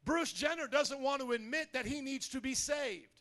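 High-voiced energetic preaching man. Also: moderate pace. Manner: energetic, conversational preaching with audience call-outs. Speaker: pastor. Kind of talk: sermon. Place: church.

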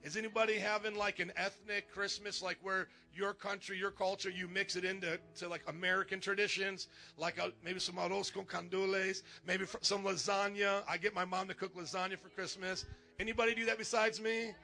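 A man making lively, joking announcements from the pulpit of a church, calling out to the congregation. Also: sits high, fairly quick, creaky. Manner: animated, joking, calls out to the congregation. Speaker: pastor. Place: church sanctuary.

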